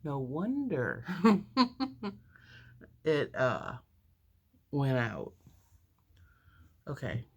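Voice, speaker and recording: A woman's voice: rumbling low, huge pitch swings, very slow, creaky, pauses often, a little mellow, slight background noise. A woman in her fifties telling a story casually while doing her makeup, rambling with lots of fillers and restarts.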